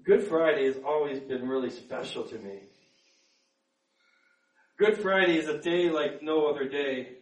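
High-voiced preacher in an echoey hall. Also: male voice, unhurried, long pauses, distant mic. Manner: earnest, repeats words, builds to emphatic peaks. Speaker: pastor. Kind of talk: sermon.

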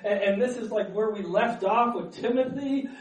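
A man with a high voice preaches as pastor at a moderate pace, earnestly stumbling over repeated words and then building up with fervor. The mic is far off in an echoey room.

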